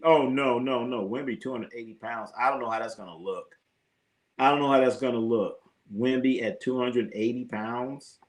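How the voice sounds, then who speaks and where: A man hosting a casual sports livestream. He reads out viewer comments, rambles, repeats himself, swears and laughs often. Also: mid-range voice. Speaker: sports talk livestream host. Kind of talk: casual live-stream chat reading viewer comments.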